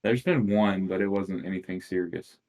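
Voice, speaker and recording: A man's voice: sits low, moderate pace, a little mellow, low-quality recording. A man hosting a casual sports podcast, laid-back and agreeable, steering the talk from one topic to the next. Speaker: podcast host.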